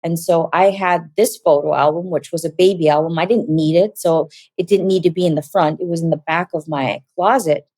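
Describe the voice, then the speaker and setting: A woman with a low, grounded voice tells a personal testimony, animated and vivid. She acts out the voices of the people she quotes, and the sound is close and dry with no room around it. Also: brisk, few pauses, no room sound. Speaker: guest giving a testimony.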